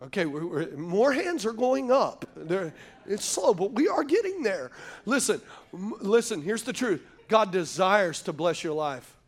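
A man's high, sing-song voice moves at an unhurried pace as he preaches a sermon as pastor to a live congregation in a church sanctuary. He jokes between points and leans on call-and-response, asking the people to answer.

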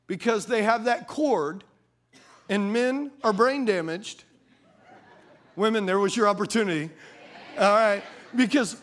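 A man with a strikingly high voice delivers a humorous sermon. He keeps it conversational and playful, using folksy slang and repeatedly calling on his listeners to agree with him. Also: fairly bright tone. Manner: playful, calls out to the audience for agreement.

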